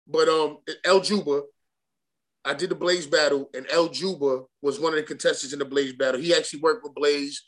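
A man's voice: on the high side, fairly even intonation, fairly quick, fairly bright tone. A young man, telling a rambling, profane story as a guest in a casual interview, full of restarts and slang. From Brooklyn, New York. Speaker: guest rapper.

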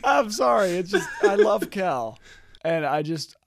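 Male podcast co-host, jokey, quick to laugh, lively and a bit high-pitched. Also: no echo, studio quality. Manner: jokey, laughs often, does quick character voices. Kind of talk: casual chat recapping a sitcom episode.

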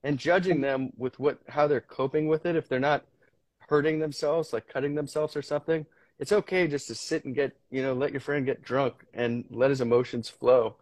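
A man appears as a podcast guest in candid conversation, his mid-range, darkish voice steady at a moderate pace with no room sound. He restarts frequently, swears casually, and tells stories earnestly.

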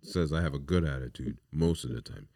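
Very deep-voiced man hosting a podcast. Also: gravelly, mellow, no echo, studio quality. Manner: halting, restarts, frequent "you know what I mean". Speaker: podcast host. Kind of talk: casual chat.

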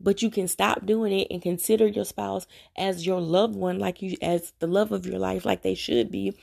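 A woman's voice: mid-range voice, fairly even intonation, moderate pace, gravelly, a little mellow. A woman speaking earnestly and preachily, straight to her viewers in a confessional devotional talk about her faith. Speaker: Christian vlogger sharing her faith journey.

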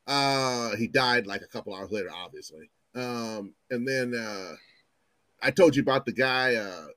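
A man's voice: on the low side, dry recording. A man in his fifties telling profane stories in casual chat, acting out the people in them. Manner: animated, profane, acts out voices in his stories. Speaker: storyteller guest.

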